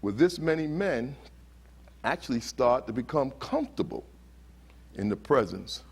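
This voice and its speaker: A man's voice: mid-range voice, big pitch swings, a little slow, gravelly, husky. Earnest man giving a conference talk. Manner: earnest, asks the audience questions and acts out heated quotes. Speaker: conference speaker. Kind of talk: motivational talk to a live audience. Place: conference hall.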